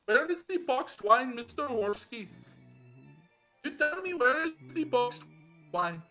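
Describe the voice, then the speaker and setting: A man's voice: extremely high pitch, very animated, a little slow, bright, forceful tone, faint music behind, heavily acted. A man putting on an Indian accent to play a pushy, nagging character on a comedy livestream. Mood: mock-grandiose. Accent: put-on Indian accent. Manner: repeats a catchphrase, nagging and needling. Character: pushy mock-Indian man, heckling and badgering. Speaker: co-host.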